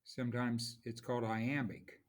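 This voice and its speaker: A man teaching a class, explaining terms slowly and reading out examples with marked stress. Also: medium pitch, flat delivery. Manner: slow, explanatory, reads examples aloud with stress. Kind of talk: classroom lecture.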